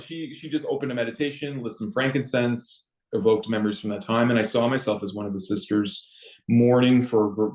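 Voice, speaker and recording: A Canadian man sharing a personal spiritual story in a rambling, halting way over a video call. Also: mid-range voice, darkish tone, roomy sound, low-quality recording. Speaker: circle participant.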